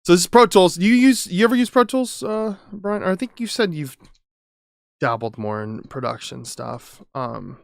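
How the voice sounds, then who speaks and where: Male streamer, casual and profane, lively delivery, dry home-studio sound. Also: sits high, moderate pace, gravelly, dry recording. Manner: rambling, swearing, chatty with viewers. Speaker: streamer and audio engineer. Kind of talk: casual live-stream chat.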